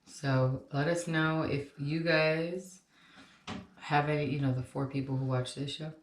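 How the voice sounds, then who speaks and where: A woman's voice: low voice, fairly even intonation, unhurried. A young woman co-hosting a snack-review video, chatting casually and rambling with lots of fillers. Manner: rambling, filler-heavy storytelling. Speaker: co-host. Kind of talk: casual chat. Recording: echoey room.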